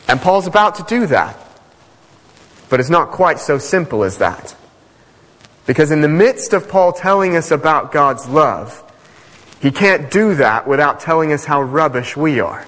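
A male preacher giving a sermon, emphatic, speeding through asides and slowing hard on key phrases. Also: fairly high pitch, lively intonation, fairly bright tone. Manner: emphatic, swings between fast asides and slow stressed phrases. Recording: echoey hall.

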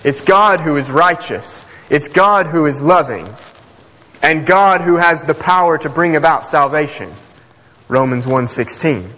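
A man's voice: fairly high pitch, fairly bright tone. Emphatic male preacher in an echoey hall. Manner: emphatic, swings between fast asides and slow stressed phrases. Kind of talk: sermon.

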